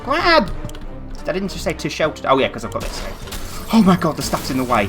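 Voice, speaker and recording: A woman's voice: sits low, animated, quick pace, faint music behind. A young woman commentating her gameplay in a frantic, panicky way, often swearing and laughing at herself. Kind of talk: let's play commentary.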